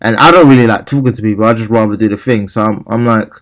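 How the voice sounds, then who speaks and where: A man's voice: on the low side, quick pace. Heated, rambling young man. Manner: rambling and heated, acting out his own replies. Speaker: vlogger. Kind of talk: casual storytelling rant.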